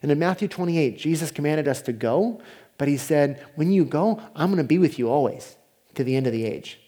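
A man preaching a sermon as pastor, in a conversational way, dropping to a hushed voice when he voices prayers. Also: on the high side, expressive, fairly quick.

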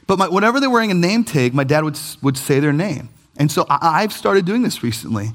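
Animated man preaching. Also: a little high, brisk, hardly any pauses. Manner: animated, conversational, jokey asides. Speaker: pastor. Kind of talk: sermon.

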